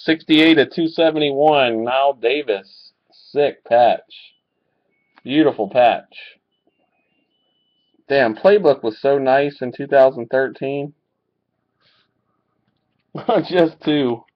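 A man rips card packs on a live webcam break, calling each card in a slow, unhurried way and getting excited over good pulls. His voice comes through a muffled, lo-fi webcam mic. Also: mid-range voice. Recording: dull lo-fi webcam audio.

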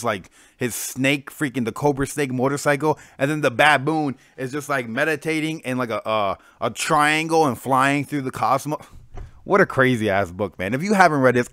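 A young man hosting casual comic book reviews, excited and slangy, full of fillers. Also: medium pitch, no room sound, clean studio sound. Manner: excited, slangy, lots of "like" and "freaking".

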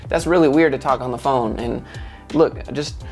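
A man hosting his own video channel, telling a dating story in a casual, animated way. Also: medium pitch, moderate pace, loud music behind the voice. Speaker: YouTube host.

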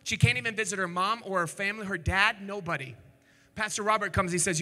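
A man preaching an energetic sermon as a pastor, animated, swinging between shouts and hushed storytelling. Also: high voice, fast. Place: church sanctuary. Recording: echoey church hall.

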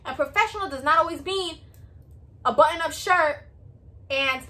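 Peppy hispanic-accented girl in her 20s vlogging, high bright voice, chatty and repeats herself. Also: moderate pace. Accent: Hispanic American English. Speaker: vlogger giving work advice. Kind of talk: casual advice vlog.

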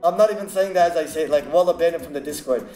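A man's voice: a little high, rapid-fire, dark tone, reverberant, poor audio. A man streaming a game live, chatting playfully and greeting viewers by name. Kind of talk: casual live-stream chat.

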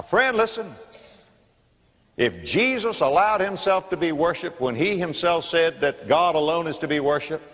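A man's voice: a little high, a bit bright. A man with a Southern American accent, a pastor preaching an emphatic sermon in a church and repeating key phrases for weight. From Florida, United States. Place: church sanctuary. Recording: reverberant church hall.

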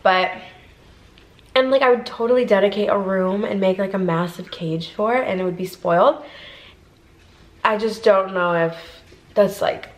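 Young woman vlogger from Ohio, chatty and rambling, mid-pitched, recorded in an echoey car. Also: moderate pace, long pauses. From Ohio, USA. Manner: chatty, rambling with many fillers. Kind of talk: casual mukbang chat. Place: inside a car.

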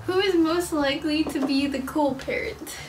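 A woman's voice: sits high, moderate pace, roomy sound, distant mic, soft background music. A young woman co-hosting a couple's vlog, reading game questions and giggling playfully. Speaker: co-host of a couple channel. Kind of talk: casual chat during a party game.

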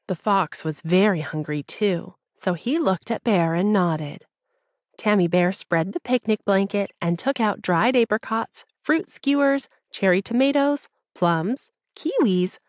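A woman narrating a children's audiobook in an expressive storytelling voice. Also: mid-range voice, measured pace, dry recording, clean studio sound.

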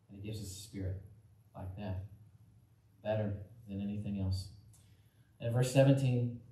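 Male pastor, relaxed chatty sermon, warm mellow tone, church reverb. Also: mid-range voice. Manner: informal, many fillers and restarts, acts out quoted voices. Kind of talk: casual conversational sermon. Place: church sanctuary.

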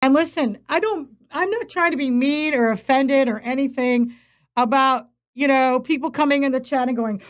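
A woman's voice: sits high, moderate pace. A woman minister and faith coach preaching on a livestream, emphatic and urgent, repeating phrases for stress.

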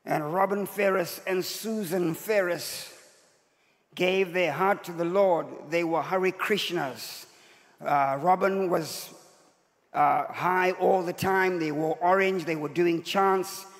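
A man's voice: high voice, steady tone, slow pace. A man in his sixties from Zimbabwe, preaching a sermon as a bishop and telling his story with sudden rises as he acts out the voices in it. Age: 60s. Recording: long hall reverb.

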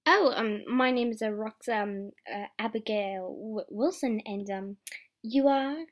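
A woman's voice: fairly high pitch, unhurried, lightly acted. A young woman voicing a shy young female horse who stammers and hesitates. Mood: timid. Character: timid young mare, nervous and stammering.

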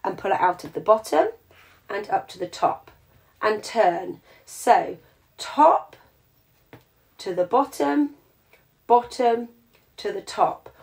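A woman's voice: mid-range voice, takes it slowly, vocal fry, pauses often, a little mellow. A woman talks viewers through a craft live. Her delivery is chatty and practical, and she explains each step as she works. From England. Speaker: jewellery teacher.

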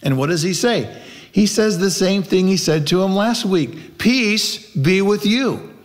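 A man preaching a sermon in a church, his voice sitting a little above the usual male pitch. He keeps it conversational and throws out rhetorical questions. He acts out the lines he quotes in character voices. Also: normal speed, a little mellow. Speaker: pastor.

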